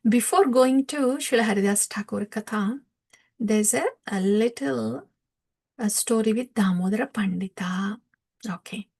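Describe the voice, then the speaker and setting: A woman giving a scripture class who tells a story in a soft voice, often sinking to a breathy near-whisper. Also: medium pitch, normal speed. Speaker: scripture teacher.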